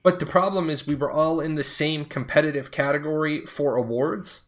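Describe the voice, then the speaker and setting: Middle-aged man, blunt and profane, casual rambling chat, slightly high voice. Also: fairly even intonation, moderate pace. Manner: blunt, profane, digresses mid-story. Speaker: retired Air Force officer.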